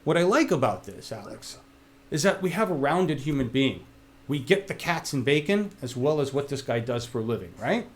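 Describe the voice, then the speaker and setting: Animated opinionated man co-hosting. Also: medium pitch, normal speed. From Oregon. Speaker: show co-host. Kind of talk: casual web show chat.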